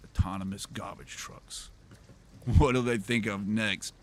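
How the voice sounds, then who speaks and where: This streamer speaks slowly in a fairly low, steady voice. He chats casually about his game, rambling through jokes and silly voices and cracking himself up along the way.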